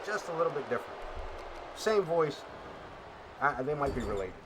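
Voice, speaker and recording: A male streamer in a loose, jokey mood chats his way through a wrestling game. His pitch sits in a middle range, and he keeps trailing off and restarting his sentences. A steady hiss of background noise runs under his voice. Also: very fast. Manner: rambling, full of fillers and restarts, jokey. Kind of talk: casual chat.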